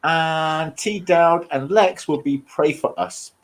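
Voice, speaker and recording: A man with a slightly higher voice hosts a relaxed online quiz. He explains the rules and reads each question aloud, throwing in light jokes between them. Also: takes it slowly, a little hiss or hum, low-quality recording. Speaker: quiz host. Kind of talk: hosting a casual online quiz.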